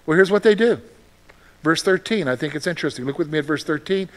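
A man's voice: on the high side, expressive, fast. A man preaching a sermon as pastor, talking conversationally, repeating phrases and putting questions to the congregation.

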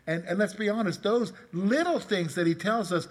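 A man's voice: high voice, very animated, brisk. A middle-aged man preaching a conversational sermon, asking his congregation questions and telling personal stories. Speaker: pastor.

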